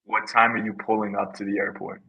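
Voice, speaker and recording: A man with a low but bright, forceful voice, co-hosting a podcast. He asks questions and restarts his sentences as he goes. The talk is casual and conversational. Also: level tone, brisk, vocal fry, rough recording. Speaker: podcast co-host.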